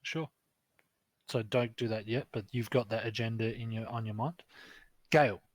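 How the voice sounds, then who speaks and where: A man's voice: fairly low pitch, steady tone, normal speed, no echo. A man narrating as game master in an online tabletop game, speaking casually with hesitant fillers.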